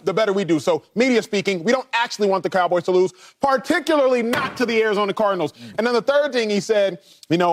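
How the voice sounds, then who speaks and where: A male sports talk co-host who talks fast and argues with punchy rhetorical questions. His voice sits high and swings widely in pitch as he drives his points home. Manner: rapid, emphatic, rhetorical questions. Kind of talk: animated sports debate.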